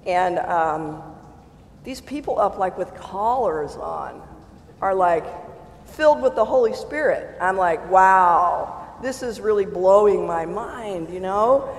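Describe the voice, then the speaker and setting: A churchgoer telling a personal faith story in a casual, animated way, often exclaiming and laughing mid-sentence. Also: medium pitch, slow pace. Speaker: churchgoer sharing a personal testimony. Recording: roomy hall with long reverb and faint ambience.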